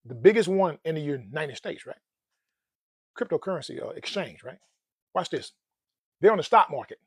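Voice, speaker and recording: A playful man talks about money and life in a high, lively voice, laughing often and dropping folksy slang. The sound is close and dry. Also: moderate pace, husky, dry recording. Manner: folksy slang, calls listeners "man" and "dog". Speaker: personal finance vlogger. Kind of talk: casual motivational talk.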